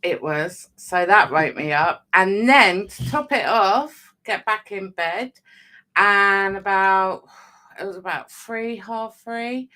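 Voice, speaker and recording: A woman's voice: medium pitch, takes it slowly, sharp tone. A woman, chatting casually as co-host of a weekly live stream, with plenty of fillers. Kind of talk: casual chat.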